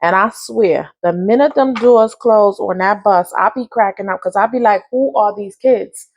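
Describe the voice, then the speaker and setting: A woman's voice: mid-range voice, moderate pace, dull audio, slight background noise. A woman who drives a school bus, chatting casually while she cooks in her home kitchen, a laughing storyteller. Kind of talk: casual cooking vlog.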